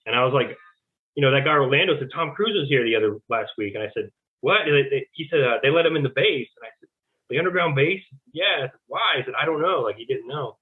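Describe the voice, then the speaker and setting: Fast-talking man on a tinny line. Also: mid-range voice, lively intonation. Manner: rambling, acts out quoted back-and-forth dialogue. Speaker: interview guest. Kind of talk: casual testimony.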